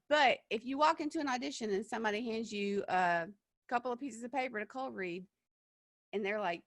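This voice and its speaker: A woman theatre director talks through audition tips in an informal online workshop, encouraging and full of fillers. Her voice sits mid-pitch and is picked up dry and close on a video call. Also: no echo. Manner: chatty and encouraging, frequent fillers and laughs.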